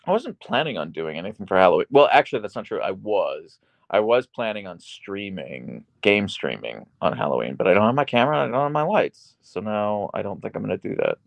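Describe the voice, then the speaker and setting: A man's voice: fairly low pitch, big pitch swings, a little fast, creaky, no room sound. Guy livestreaming from his small bedroom, reading chat, lots of ups and downs in his voice, baby talk for his dog.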